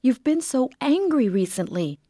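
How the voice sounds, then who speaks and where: A woman acting a caring aunt who speaks gently and pleads with her nephew. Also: high voice, big pitch swings, moderate pace, dry recording, clean studio sound. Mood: pleading. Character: caring aunt, patient and worried.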